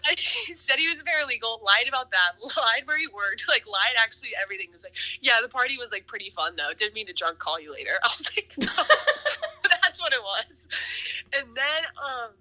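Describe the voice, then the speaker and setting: A woman's voice: a little high, brisk, poor audio. A young woman co-hosting a podcast, telling a dating story with lots of laughter and "like" fillers. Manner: laughing, animated, valley-girl fillers. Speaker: podcast co-host. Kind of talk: casual storytelling.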